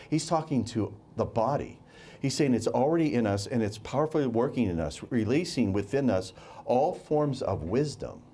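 A man's voice: mid-range voice, dark tone. A man preaching a sermon, emphatic and repeating words for stress.

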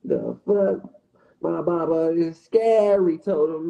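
A man's voice: a little high, extremely slow, creaky, pauses often, narrow, tinny audio. Profane, mocking DC-area man. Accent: Washington DC area. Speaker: livestream host. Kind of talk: casual roasting rant.

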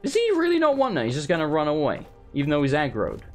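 A man streaming a video game live, talking fast between excited, sweary outbursts. His voice sits a bit high for a man and leaps around a lot in pitch, with faint music playing underneath. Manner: excitable, sweary, jumpy reactions. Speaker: gaming streamer. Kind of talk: live let's play commentary.

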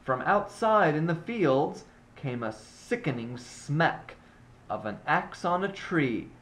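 A man reads a rhyming children's story aloud, leaning into its rhythm. His delivery is unhurried and slow. His pitch rises and falls widely from line to line. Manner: expressive rhyming read-aloud.

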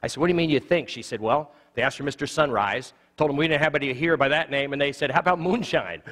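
Fast-talking man teaching in a church. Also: a little high, fairly bright tone. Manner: quick, jokey storyteller who acts out quoted dialogue. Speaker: lay evangelism trainer. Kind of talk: live teaching talk with humorous stories. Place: church sanctuary. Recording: long church reverb.

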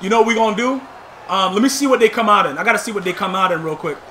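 A man giving live gameplay commentary, slangy and trash-talking, bursting into shouts at big plays. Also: high voice, rapid-fire, slight background noise. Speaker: gamer.

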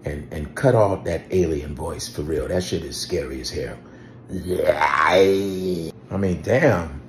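A male comedian riffing to camera in an animated, exclaiming, profane way, recorded in an echoey room. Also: very deep voice, slow. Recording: roomy echo, faint background hiss.

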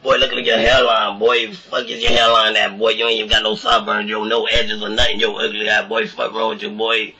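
A man trash-talking on camera in a bowling alley, hurling mocking insults in aggressive, rapid-fire banter. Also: fairly low pitch, monotone. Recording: distant mic, loud crowd around.

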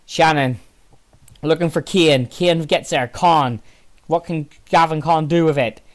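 A tired, yawning man commentating casually on his own football management game, muttering low between excitable outbursts. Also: unhurried. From Northern Ireland. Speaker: gaming channel host.

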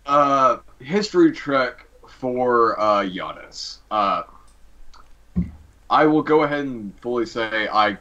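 Guy running a tabletop game, slow and laid back, lots of uhs, muffled low-quality mic. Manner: relaxed, laughs often, hesitant fillers. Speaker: game master.

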